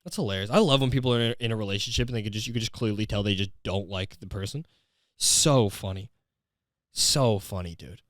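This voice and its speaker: A man's voice: lowish voice, fairly quick, fairly bright tone, no room sound, studio quality. Profane sarcastic man riffing. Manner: profane, sarcastic, rambling, breaks into bits. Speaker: podcast host. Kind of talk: comedic commentary.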